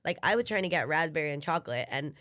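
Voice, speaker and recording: A woman's voice: deep voice, lively intonation, quick pace, a bit bright, no room sound, studio quality. A woman co-hosting a podcast in casual chat, chiming in with short agreements and jokes. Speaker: podcast co-host.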